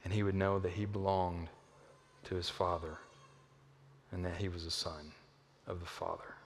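A man preaching a sermon as pastor, swinging between loud emphasis and hushed lines, with playful asides to a volunteer on stage. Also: low voice, level tone, moderate pace, slight background noise. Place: church auditorium. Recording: long hall reverb.

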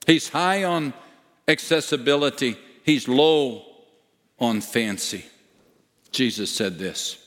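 A male pastor preaching a sermon slowly and emphatically, dropping to a hush at times. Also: mid-range voice. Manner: slow, emphatic preaching with dramatic dips to a hush. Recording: long reverb of a large hall.

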